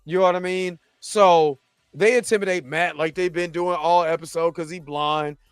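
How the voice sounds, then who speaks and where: High-voiced animated man recapping a show. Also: normal speed, smooth, no echo, studio quality, soft background music. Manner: animated, acts out characters' lines in his own voice. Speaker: show host. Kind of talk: casual TV recap commentary.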